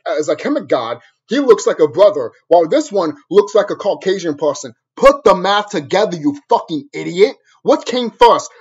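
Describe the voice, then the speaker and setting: A man vlogs in a furious, foul-mouthed rant, hammering the same phrases over and over. His voice sits high and is a little rough, and the recording's upper frequencies are cut off.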